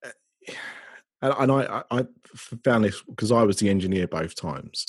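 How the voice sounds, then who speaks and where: A man's voice: lowish voice, animated, moderate pace, husky, no echo. A man co-hosting a podcast, explaining his views in casual chat. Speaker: podcast co-host.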